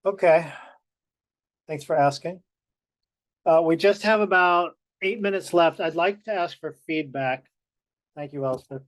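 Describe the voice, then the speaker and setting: A man's voice: fairly high pitch, a little slow, pauses often, no echo, rough recording. Practical man running an online session. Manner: friendly, practical, organizing. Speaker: group facilitator. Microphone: video call.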